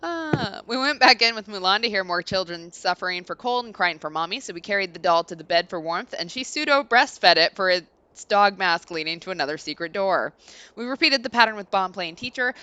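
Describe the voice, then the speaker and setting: A woman's voice: medium pitch, clean tone, no echo. A woman hosting a let's play, chatting casually and bluntly and reading game story text aloud. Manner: casual, blunt, reads story lines in an even narrating tone.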